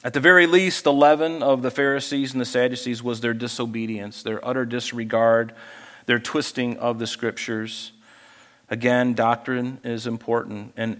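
A man preaching a sermon as pastor, lively and animated, acting out people he quotes. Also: in a large hall. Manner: animated, acts out quoted people in higher voices.

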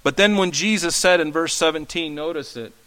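A man's voice: a little high, a little fast, sharp tone, poor audio. A male pastor preaching a conversational sermon, often asking the congregation questions. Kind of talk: expository sermon.

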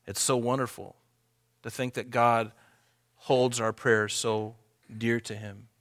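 A man preaching a sermon in an earnest, conversational way, slowing and lifting his voice when reading scripture aloud. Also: medium pitch, little pitch movement, fairly bright tone. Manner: conversational asides to the congregation. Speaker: pastor.

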